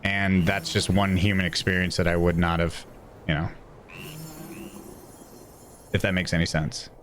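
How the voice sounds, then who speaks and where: A man's voice: low voice, flat delivery, measured pace, fairly bright tone, slight background noise. Rambling, candid young-sounding male streamer. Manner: rambling, candid, swears often, many restarts. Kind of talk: casual chat.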